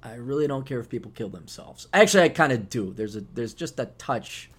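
A man hosting a podcast alone, rambling in a sarcastic, casual monologue with sudden loud bursts, tired and just waking up. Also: mid-range voice, lively intonation, fairly quick, breathy edge. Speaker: podcast host.

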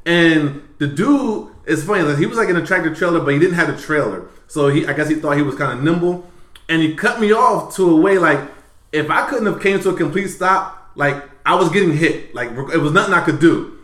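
A man hosting a podcast, telling a story in casual, profane talk that swings between loud bursts and low mutters. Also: brisk, reverberant. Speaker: podcast host.

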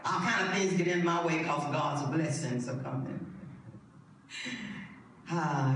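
A preacher delivering a sermon with emphatic repetition and call-and-response, heard in a church sanctuary. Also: mid-range voice. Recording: echoey hall, distant mic, faint noise.

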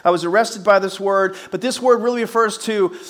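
A middle-aged male pastor with a strikingly high voice preaches to his congregation. He is lively and emphatic, poses rhetorical questions with folksy humor, and punches key phrases up to a shout. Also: a little fast. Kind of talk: sermon. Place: church service before a congregation.

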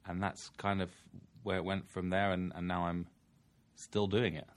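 Brief: low-pitched London man, easygoing guest, dry humor. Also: little pitch movement, moderate pace. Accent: London English. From England. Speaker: podcast guest. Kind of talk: casual chat.

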